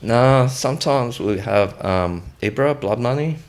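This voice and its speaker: An Australian former military contractor, a guest on a podcast, tells war stories casually and bluntly, swearing freely as he acts out dialogue. His mid-range voice is expressive and a little slow.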